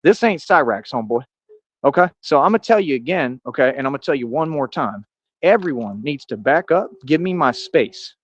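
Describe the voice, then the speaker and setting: A man's voice: medium pitch, lively intonation, normal speed, no room sound. Man, 30s, streamer, combative bragging rant, dull lo-fi dry audio. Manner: boastful, confrontational ranting. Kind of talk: rambling livestream monologue.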